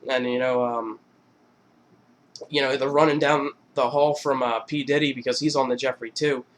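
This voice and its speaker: A man's voice: medium pitch, fairly even intonation, moderate pace, slight background noise. A young man recapping funny movie scenes in a casual, rambling, profane vlog style. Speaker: vlogger.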